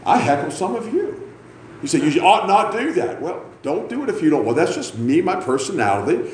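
A man in his fifties preaching a loud, self-mocking sermon in a church, breaking into sudden shouts. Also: fairly high pitch, sing-song, brisk, echoey room, a little hiss or hum. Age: 50s. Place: church sanctuary.

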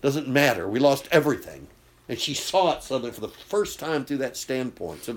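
A man preaching a sermon, impassioned, swinging from loud bursts to hushed intensity. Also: medium pitch, lively intonation, a little fast.

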